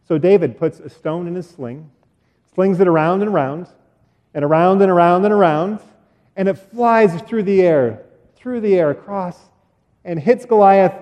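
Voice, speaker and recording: Man, pastor, animated storytelling sermon, high voice, long church echo. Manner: animated, acts out sounds and voices. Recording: echoey church hall.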